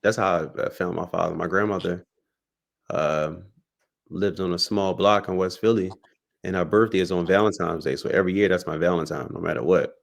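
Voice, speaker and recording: A man with a very low voice, a podcast guest recalling his childhood. He tells his story in a reflective way, circling back and restarting his sentences. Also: fairly even intonation, brisk, vocal fry. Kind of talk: casual conversation.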